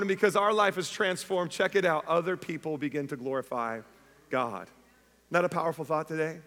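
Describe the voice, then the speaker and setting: A man preaching an Easter sermon, conversational and energetic, asking the congregation if they are with him. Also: on the high side, moderate pace. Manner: energetic, conversational, calls to the audience. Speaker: pastor. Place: church auditorium. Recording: long reverb of a church.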